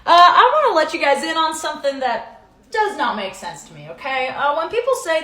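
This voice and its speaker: Woman, sarcastic comedic rant, high voice, very animated pitch, echoey room. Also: brisk. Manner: sarcastic, switches into mocking voices. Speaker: comedy content creator.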